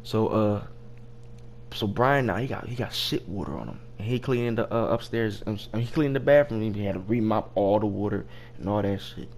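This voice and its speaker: A man's voice: lowish voice, normal speed, a little mellow, a little hiss or hum. A young man spins a crude story from his old job in a loose, rambling way. He swears constantly, trips over restarts and keeps laughing at his own tale. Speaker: streamer telling a work story. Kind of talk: casual storytelling.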